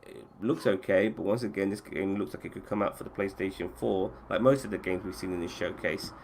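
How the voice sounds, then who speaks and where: A man's voice: low-pitched, fairly quick, creaky, a little mellow, slight background noise. A man hosting a podcast and running a casual chat about video games, swearing freely and often restarting his sentences. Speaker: podcast host.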